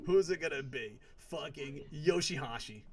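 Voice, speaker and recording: A man's voice: on the high side, expressive, normal speed, a crowd in the background. A man hosting a wrestling podcast, ranting with heavy swearing and sarcasm in casual prediction talk. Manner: profane, emphatic, sarcastic.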